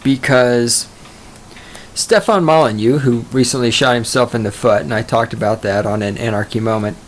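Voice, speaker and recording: A man's voice: medium pitch, moderate pace, slight background noise. Male solo podcaster, rambling and swearing, self-mocking, mid-range voice. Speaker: podcast host.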